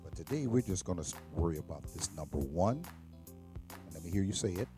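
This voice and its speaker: A middle-aged man hosting a children's show, teaching preschoolers in a slow, repetitive, coaxing call-and-response manner. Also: deep voice, lively intonation, music in the background.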